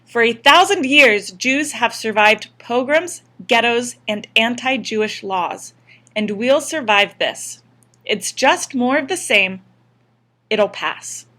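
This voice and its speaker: A woman's voice: a little high, lively intonation, slow pace, few pauses. Audiobook uncle, stubborn and emphatic, read by a woman. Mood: insistent. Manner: emphatic, insistent. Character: stubborn older uncle, sure of himself.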